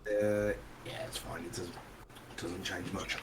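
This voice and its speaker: List: man, game master, lowish voice, faint background noise. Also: slow. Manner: relaxed, descriptive, with fillers. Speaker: dungeon master. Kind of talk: narrating a tabletop game.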